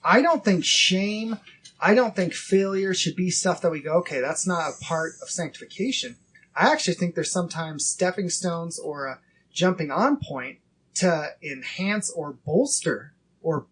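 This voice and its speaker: A man in his thirties hosting a casual faith podcast, earnest and acting out inner dialogue in quick quoted bits. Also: fairly high pitch, a little hiss or hum. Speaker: podcast host.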